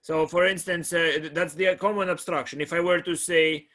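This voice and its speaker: A man's voice: a little high, steady tone, moderate pace, a bit bright. A middle-aged man from Russia giving a calculus lecture in a conversational way, often checking that students follow. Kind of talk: classroom lecture.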